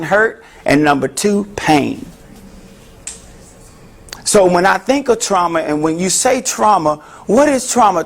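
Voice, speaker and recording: A man's voice: high-pitched, vocal fry. A man giving an interactive health talk to a live audience, joking and asking the room questions. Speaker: mental health speaker.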